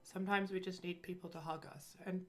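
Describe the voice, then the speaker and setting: A woman's voice: fairly low pitch, little pitch movement, a little fast. A woman playing her character in a tabletop game, talking in an earnest, reassuring way. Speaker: player.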